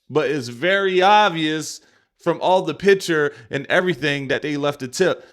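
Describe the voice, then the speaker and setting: A man's voice: on the high side, normal speed, a bit bright. A man hosting a reaction show, talking in an emphatic, slangy, exasperated way. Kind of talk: casual reaction commentary.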